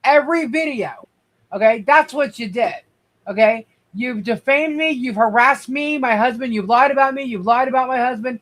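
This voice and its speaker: A woman's voice: on the high side, moderate pace, fairly bright tone. A woman talking on a live stream, indignant and repeating her complaints in angry lists. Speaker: guest on a live stream show. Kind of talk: heated live stream talk.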